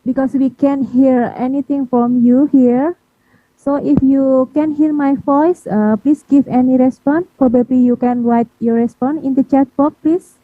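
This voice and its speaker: A woman moderates an online conference session, sounding hesitant and politely apologetic, with many "uh" fillers. Her voice sits high and steady, and she speaks unhurriedly. The audio comes through a video call, dry but tinny and phone-like.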